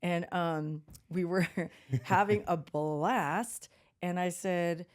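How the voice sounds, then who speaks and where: Middle-aged woman, co-host, lower-pitched, animated storyteller who laughs a lot. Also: slow pace. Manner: animated storyteller, laughs often, quotes others in lively voices. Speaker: podcast co-host. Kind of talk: casual chat.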